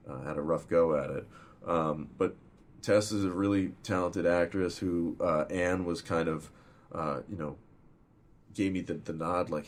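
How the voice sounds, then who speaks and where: Man, film director, very low voice, casual interview chat, rambling, profane, lots of fillers.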